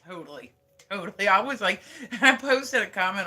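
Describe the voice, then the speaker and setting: Sharp-voiced man rambling on a livestream. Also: high voice, lively intonation, normal speed. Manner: rambling, profane, heavy use of "like". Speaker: live streamer. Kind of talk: casual livestream chat.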